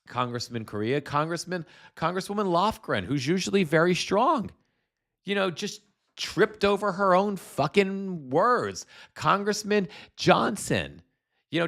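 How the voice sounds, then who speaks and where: A man's voice: fairly high pitch, fairly bright tone. Profane, stammering angry male commentator. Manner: profane, stammering, incensed ranting. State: congested with postnasal drip. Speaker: political commentator streaming a hearing.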